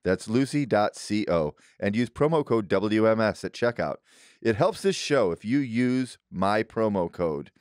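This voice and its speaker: Deadpan low-voiced man reading an ad. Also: unhurried, no room sound, studio quality. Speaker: podcast co-host reading ads. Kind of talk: ad read in casual chat. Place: studio.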